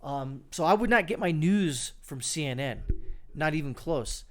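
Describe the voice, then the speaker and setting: Male commentary host, slightly high, sarcastic and scornful, loose with fillers. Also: lively intonation, unhurried, fairly bright tone. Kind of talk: political commentary reacting to clips and news.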